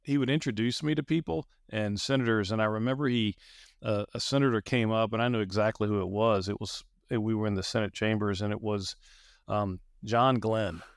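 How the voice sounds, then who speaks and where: A middle-aged man telling a story as an interview guest, earnest and halting, often repeating words. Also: lowish voice, steady tone, no echo, studio quality. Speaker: guest, athlete and speaker.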